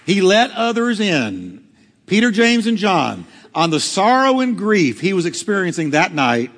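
A man's voice: high-pitched, big pitch swings, measured pace, a bit bright, long reverb tail. A male pastor preaching a sermon, acting out quotes with dramatic swings in delivery. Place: church hall.

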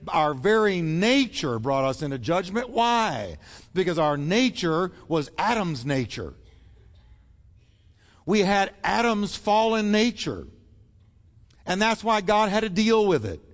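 Man, pastor, emphatic sermon delivery, high voice, long hall reverb. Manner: emphatic preaching, acts out quoted voices.

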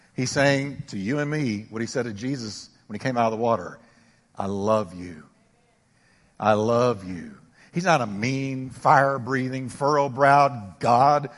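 An older male pastor delivering a sermon, swinging between emphatic raised exclamations and quiet, intimate asides. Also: medium pitch, in a large hall. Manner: preaching with rising emphatic exclamations.

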